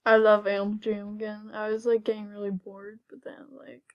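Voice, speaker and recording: A young woman chatting casually over gameplay, excitable and often dropping into a whisper. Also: mid-range voice, normal speed, lo-fi sound. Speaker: gaming video host.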